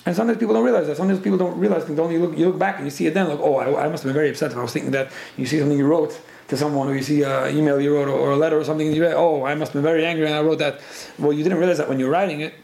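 Fast, gravelly-voiced man teaching a Torah class. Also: fairly high pitch, steady tone, darkish tone. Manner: fast, repeats and restarts words. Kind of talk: Torah class with listener questions. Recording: echoey room with faint ambience.

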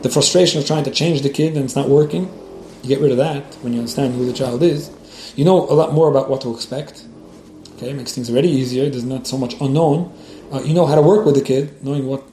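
A man's voice: mid-range voice, mellow. A man teaching a class on child education, mixing stories into the lesson, often repeating words as he restarts. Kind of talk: lecture with storytelling. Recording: echoey room, faint background hiss.

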